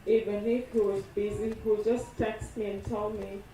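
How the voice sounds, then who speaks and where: A woman's voice: mid-range voice, level tone, moderate pace, warm tone, a little hiss or hum. A young woman giving a tender funeral tribute, reminiscing and quoting loved ones, recorded from a distance in an echoey hall. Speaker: eulogy speaker, partner of the deceased. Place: funeral service venue.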